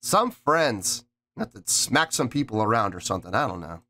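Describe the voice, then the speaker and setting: A man hosting a music reaction show, talking casually with animated, mock-indignant joking. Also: fairly low pitch, moderate pace. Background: song playing faintly.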